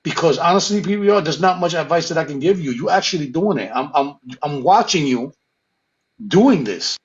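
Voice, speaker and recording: A man's voice: a little high, animated, moderate pace, highs cut off. A man in casual podcast chat giving earnest advice, repeating his phrases for emphasis.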